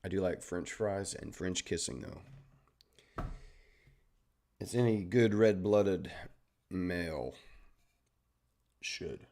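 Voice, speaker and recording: A man's voice: low voice, expressive, drawn-out words, long pauses, darkish tone. A man with a Southern Texan accent, hosting a live trading stream and explaining charts in an easygoing, chatty way while greeting viewers. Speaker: trading livestream host. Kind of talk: casual live trading commentary.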